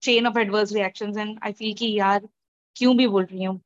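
A woman's voice: medium pitch, steady tone, racing, dry recording. A woman with an Indian accent talks hesitantly in casual chat, dropping in Hindi fillers, over a video call. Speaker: summit participant. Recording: dull, dry video call audio.

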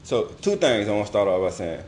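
A man from New Orleans with a local accent, chatting casually about a movie in slangy, animated talk. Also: fairly low pitch, brisk, a little hiss or hum. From New Orleans, Louisiana. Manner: animated, slangy, laughs often. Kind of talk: casual movie review chat.

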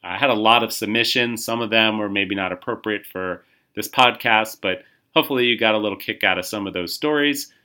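A middle-aged man hosting a podcast, telling a funny workplace story in a loose, chatty way with lots of fillers and restarts, and jumping up in pitch when he acts out what others said. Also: fairly quick. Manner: retells a story, acting out quoted voices with lively pitch jumps; frequent fillers and repeated starts. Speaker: podcast host. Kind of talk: casual storytelling.

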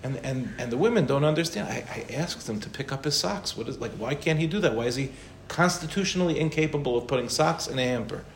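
A man's voice: medium pitch, lively intonation, fast talker, hardly any pauses. A man, a rabbi, giving an informal Torah class in a conversational way, mixing in Hebrew and Yiddish terms. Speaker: rabbi answering questions. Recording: roomy echo with faint noise.

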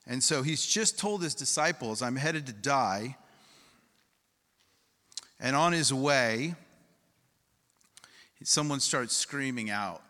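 A man's voice: mid-range voice, expressive, slow pace, long pauses, pushed and bright, long reverb tail. A male pastor preaching a sermon in a conversational way, asking the congregation questions and reading scripture aloud.

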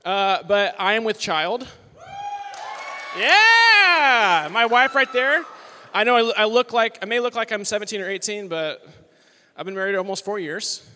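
A man's voice: high voice, a little fast, bright, forceful tone, a little hiss or hum. A man in his twenties, a worship leader preaching a casual, joking sermon to college students, chatty and upbeat with lots of "like" and "you know.". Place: large worship hall with live audience. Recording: long hall reverb.

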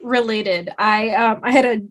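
A woman's voice: a little high, unhurried. A woman co-hosting a podcast, telling a story in a rambling, meandering way. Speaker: podcast co-host. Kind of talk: casual chat.

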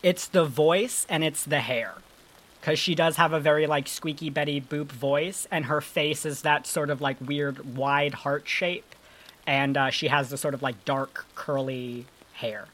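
A podcast co-host in casual chat, talking in an animated, rambling, playful way with casual swearing. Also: mid-range voice, a little slow.

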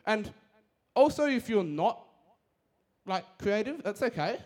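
Animated young man preaching. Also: sits high. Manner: energetic and fast-talking, casual slang. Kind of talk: sermon.

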